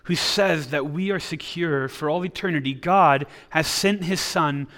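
A man's voice: fairly high pitch, a little slow, fairly bright tone, big-room sound. A man preaching a sermon in an earnest way, often restarting his words as he explains. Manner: earnest, with frequent repeated restarts. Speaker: pastor.

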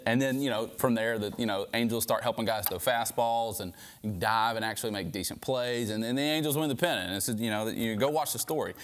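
A man preaches in a loose, chatty manner, as if talking with friends rather than delivering a speech. His voice sits at an ordinary middle pitch, and he drops casual asides to his listeners throughout the sermon. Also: fairly quick. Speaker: pastor.

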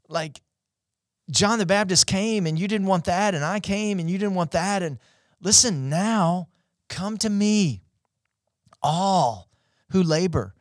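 Impassioned pastor, dry sound. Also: male voice, no echo. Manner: impassioned, climbs to high emphatic peaks; addresses online viewers directly. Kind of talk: sermon.

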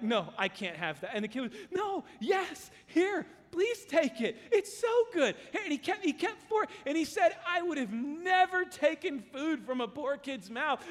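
A man preaching a sermon, telling a story with lively rises and drops in his voice. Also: high voice. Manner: animated storyteller, voice rising and dropping with the tale. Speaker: pastor. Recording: long reverb of a large hall.

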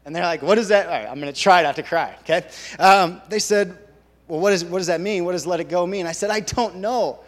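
A man, a church elder, giving a halting, earnest personal testimony to his congregation. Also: high voice. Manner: halting, earnest storytelling with many restarts. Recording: long reverb of a large hall.

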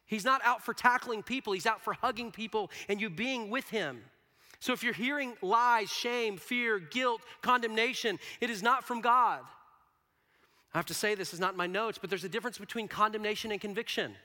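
High, bright-voiced preacher in a reverberant hall. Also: male voice, normal speed. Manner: animated, swings from hushed whispers to loud bursts, laughs often. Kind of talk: sermon. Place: large hall with a live audience.

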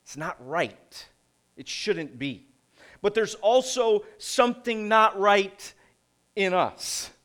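A middle-aged man preaching a conversational sermon, posing rhetorical questions and pausing deliberately. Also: high voice, lively intonation, a bit bright. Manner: slow, deliberate delivery with pauses. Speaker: pastor.

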